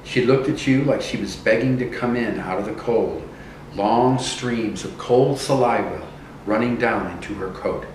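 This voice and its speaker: A man playing a gentle probing fairy godmother. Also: on the low side, a little slow, slight background noise, close to an everyday voice. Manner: questioning, gently insistent. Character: gentle female fairy godmother with silver wings, probing and kind. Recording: echoey room from a distance.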